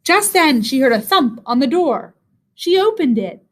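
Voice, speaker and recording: A woman's voice: sits high, very animated, a little slow. A woman teacher reading a picture book aloud to young children, telling the story expressively.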